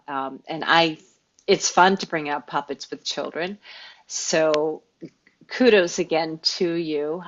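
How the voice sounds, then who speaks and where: A woman hosting an interview podcast, friendly, with short affirmations and questions. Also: deep voice. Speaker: podcast host. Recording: dull lo-fi audio.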